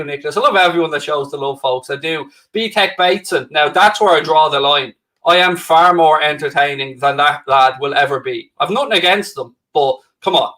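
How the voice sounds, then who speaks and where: Bright-voiced Irish man bantering. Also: a little high. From Ireland. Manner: banters with chat, sarcastic and teasing. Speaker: co-host of football watchalong stream. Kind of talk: casual live-stream chat.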